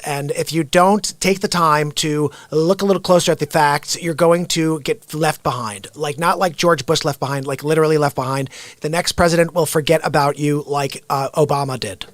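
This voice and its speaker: A man impersonating a smug, fast-talking male political pundit who lectures liberals in a clipped, argumentative way. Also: on the high side, no echo, lightly acted.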